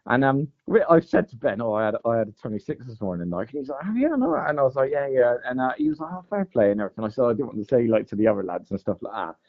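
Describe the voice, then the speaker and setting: This man's mid-range voice races along with hardly any pauses as he recounts a long fishing story on a podcast. Casual and animated, he leans heavily on "mate" and "like," and the audio sounds dull and lo-fi.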